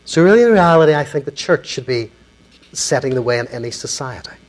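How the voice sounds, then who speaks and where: With a mid-range, animated voice on a rough recording, a Belfast man who is a minister tells stories in a public lecture. He is earnest and measured, lingering with pauses on important words.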